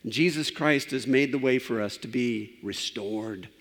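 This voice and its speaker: A man's voice: medium pitch, measured pace, long reverb tail. A man preaching as pastor, telling a story and then closing in earnest prayer to a church. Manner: earnest, trailing off softly in prayer. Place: church sanctuary.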